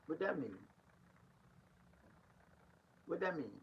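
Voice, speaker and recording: A man's voice: fairly high pitch, big pitch swings, fast, husky, muffled recording. A man, a pastor preaching a street-style podcast monologue with emphatic, rhetorical repetition. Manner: emphatic and rhetorical, repeats lines and laughs between points.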